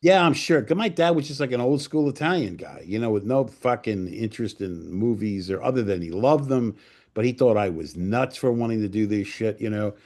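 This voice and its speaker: A man's voice: on the low side, expressive, fairly quick, darkish tone. A man in his sixties from Port Chester, New York, a filmmaker guest telling salty anecdotes in a casual interview and acting out other people's lines.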